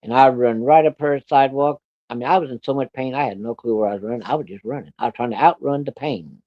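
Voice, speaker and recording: A man's voice: medium pitch, fast, dry recording, muffled recording. A man telling a personal story in a casual, plainspoken way, with plenty of profanity. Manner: plainspoken, profane, vivid retelling.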